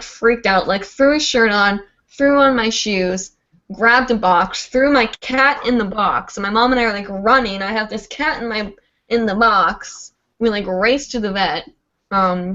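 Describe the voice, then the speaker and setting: A woman talking casually on a livestream, rambling and filling pauses with "like" and "um". Her voice sits at an ordinary middle pitch. The audio is dull and lo-fi. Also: a bit bright. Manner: chatty, rambling, full of "like" and "um". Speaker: host of a live hooping show.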